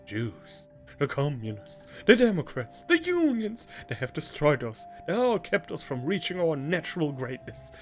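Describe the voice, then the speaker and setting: A man's voice: fairly high pitch, very animated, moderate pace, soft background music, voice pushed up. A man voicing a proud woman who fervently backs the regime, speaking with rising zeal. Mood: zealous. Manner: zealous, rising to fervor.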